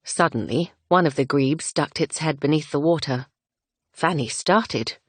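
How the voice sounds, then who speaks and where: A woman narrating a romance audiobook in a gentle, measured reading. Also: sits low, breathy edge, no echo. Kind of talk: scripted narration.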